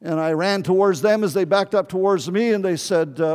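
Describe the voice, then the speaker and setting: Older male pastor, high voice, earnest storytelling sermon, long hall reverb. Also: fairly quick, few pauses, a little mellow, clear, resonant tone. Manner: storytelling, earnest, pleading with the congregation.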